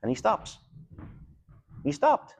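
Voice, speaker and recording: A man delivering a sermon as a rabbi, telling stories with dramatic drops to a near hush. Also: slow. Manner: animated storytelling with dramatic drops in volume. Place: synagogue study hall.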